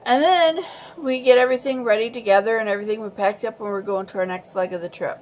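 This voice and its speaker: A woman vlogger telling a story in a casual, animated and exasperated way. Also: a little high, quick pace.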